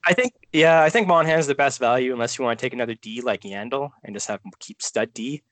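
A man co-hosting a casual fantasy sports podcast, talking in a relaxed way and thinking out loud as he trails off. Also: medium pitch, quick pace, no echo. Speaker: podcast co-host. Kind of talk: casual fantasy draft chat.

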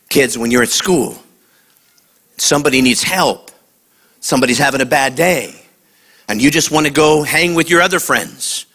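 A man preaching a lively sermon to kids, acting out voices and shouting at the high points. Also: normal speed, pauses often. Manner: animated, acts out voices. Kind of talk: sermon to a young audience.

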